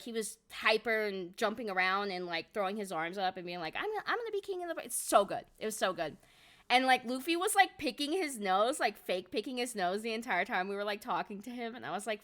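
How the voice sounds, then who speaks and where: Bright, excitable young woman streamer. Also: mid-range voice. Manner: excitable, swears a lot, quick laughs. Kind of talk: casual live-stream chat.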